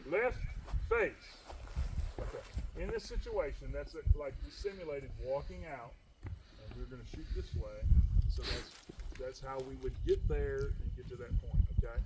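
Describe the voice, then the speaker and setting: A man leading outdoor drill instruction in a casual way, calling out commands loudly. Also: mid-range voice, normal speed. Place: outdoors, open field. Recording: loud outdoor noise.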